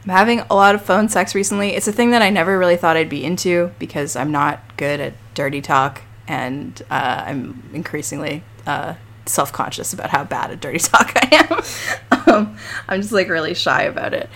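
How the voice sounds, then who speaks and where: A woman co-hosting a podcast in casual, candid chat, her voice low and gravelly this week. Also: normal speed, a bit bright. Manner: chatty and candid. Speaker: podcast co-host.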